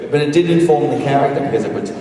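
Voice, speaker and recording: A man's voice: a little high, racing, dark tone. A man answering as a convention panel guest, joking at his own expense and laughing through his stories. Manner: self-mocking, laughing while telling stories. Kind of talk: casual panel chat. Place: large convention hall. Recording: echoey hall, mic heard from far.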